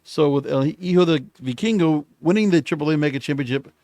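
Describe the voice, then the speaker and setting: A man's voice: on the high side, brisk, a little mellow, no echo, clean studio sound. Casual male wrestling podcast host. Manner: casual, rambling, self-correcting. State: up late at night. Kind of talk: solo podcast recap.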